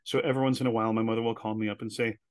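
A man as an interview guest, telling animated stories and acting out the voices of people he quotes. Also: on the low side, rapid-fire, dry recording, clean studio sound. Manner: animated storyteller who acts out quoted voices. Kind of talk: casual storytelling interview.

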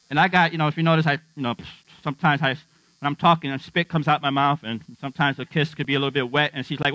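Bright-voiced male pastor, joking sermon. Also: a little high, fairly even intonation, brisk, pauses often, dry recording. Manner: humorous, conversational, asks the congregation questions. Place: church. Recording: dull, slightly lo-fi dry sound with mains hum.

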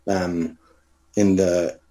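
A man with a low, mellow voice joins a relaxed film discussion. He explains his points at length, leaning on fillers as he works through his thoughts. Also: drawn-out words, low-quality recording. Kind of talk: casual chat.

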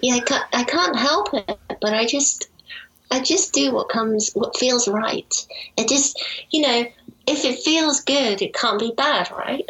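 Woman from Europe, author guest; fairly high voice, halting and self-correcting, thinking on her feet. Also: lively intonation, a bit bright, low-quality recording. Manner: hesitant, restarts and repeats words while thinking aloud. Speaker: author being interviewed. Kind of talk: casual conversation.

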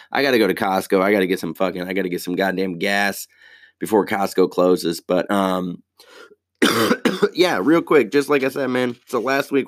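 Profane rambling podcast comic, low voice. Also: male voice, dry recording, studio quality. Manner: profane, rambling, animated storytelling. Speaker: podcast host, stand-up comic. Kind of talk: casual solo podcast rant.

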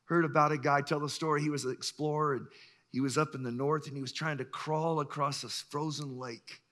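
A middle-aged man preaching a sermon, telling stories with lively acted-out voices and frequent chuckles. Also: a little high, fairly quick. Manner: animated storyteller, acts out voices, chuckles often. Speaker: pastor.

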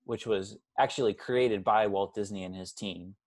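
Young male podcast co-host, low-pitched, chatty and rambling. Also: steady tone, normal speed, darkish tone. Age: 20s. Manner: rambling, self-correcting, chatty. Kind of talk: casual movie podcast chat.

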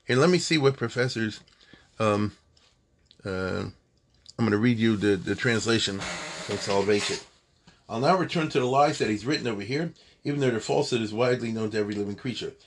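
Guy teaching a text, lots of uhs and restarts, reads slow then chats. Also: on the low side, husky. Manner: reads Hebrew slowly then explains in casual asides; hesitant, many fillers and restarts. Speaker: Torah teacher. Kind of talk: informal text study lesson.

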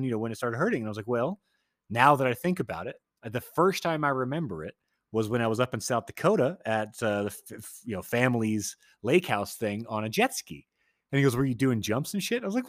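A man casually telling a story to his audience, profane and excitable, often interrupting himself mid-sentence. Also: medium pitch, quick pace, dry recording, clean studio sound.

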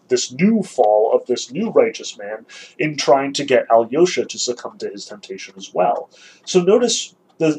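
A husky-voiced man lecturing on a novel, earnest and emphatic, leaning hard on the points he wants students to notice. His pitch sits in an ordinary middle range, with a rough, breathy edge throughout. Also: a little mellow, rough recording. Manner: earnest and emphatic, with frequent restarts. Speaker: literature lecturer. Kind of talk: literature lecture.

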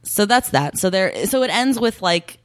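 A woman's voice: mid-range voice, expressive, normal speed, dry recording, studio quality. A young woman co-hosting a podcast, chatting casually, laughing often and acting out characters' lines as she retells the plot. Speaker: podcast co-host recapping a TV show. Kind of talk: casual chat.

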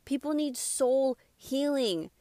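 A woman's voice: sits high, expressive, slow, mellow, dry recording. A young adult woman delivering an impassioned motivational monologue as a self-help speaker, emphatic and preachy, swearing freely.

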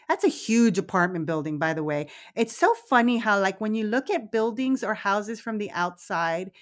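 A woman co-hosting a podcast, recapping a movie in a casual, animated way, swearing freely and laughing easily. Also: medium pitch, normal speed. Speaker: podcast co-host.

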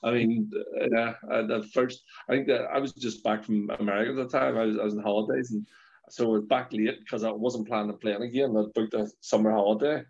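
Middle-aged Northern Irish ex-footballer, loose chatty anecdotes, muffled lo-fi audio. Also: male voice, fairly low pitch, steady tone, fast talker, darkish tone. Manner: rambling anecdotes with frequent laughs and restarts. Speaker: former footballer guest. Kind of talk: casual storytelling chat. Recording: dull lo-fi sound.

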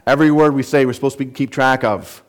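Quick-paced and mid-range, with fairly even intonation, this male pastor's voice carries an earnest, emphatic expository sermon that explains word meanings and asks rhetorical questions of the congregation.

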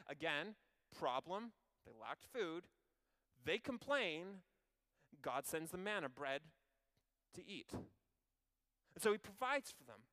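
A man preaching a sermon, retelling a story in an animated, conversational way with wry asides. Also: a little high, slow.

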